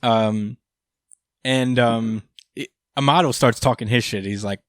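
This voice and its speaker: A man's voice: medium pitch, measured pace, smooth, no room sound, studio quality. A young man hosting a podcast, recapping a chapter in rambling casual chat with many fillers and casual swearing. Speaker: podcast host.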